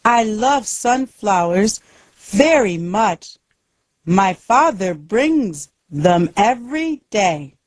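A woman voicing a shy, sad little male bird who speaks gently and slowly in simple lines. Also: mid-range voice, very animated, no echo. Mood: sad, telling.

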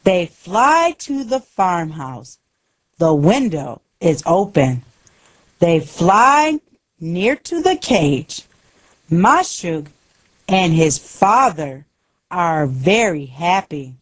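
A woman narrating a simple children's story in short, deliberate sentences. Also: fairly low pitch, big pitch swings, no room sound. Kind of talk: scripted narration of a simple graded-reader story.

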